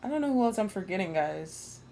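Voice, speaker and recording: A woman's voice: medium pitch, lively intonation, brisk, warm tone, a little hiss or hum. A woman streaming a game, chatting casually with frequent laughs and free swearing. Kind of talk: casual gameplay commentary.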